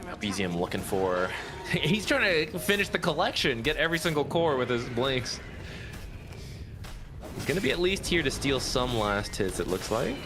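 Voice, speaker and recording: A man giving relaxed live commentary on an esports match, chuckling now and then as he breaks down the plays. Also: mid-range voice, normal speed. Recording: music bed behind the voice.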